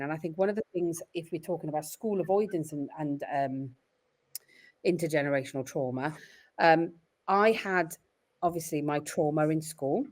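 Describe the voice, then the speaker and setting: Welsh mum in her 40s-ish talking earnestly on a podcast, lowish voice, tells stories with feeling. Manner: earnest, reflective, expressive storytelling. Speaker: podcast guest, parent. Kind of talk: casual podcast conversation.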